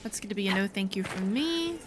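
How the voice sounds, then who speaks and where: A woman's voice: medium pitch, animated, brisk, noisy background. A woman streaming a game, chatting casually with joking asides. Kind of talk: casual gameplay commentary.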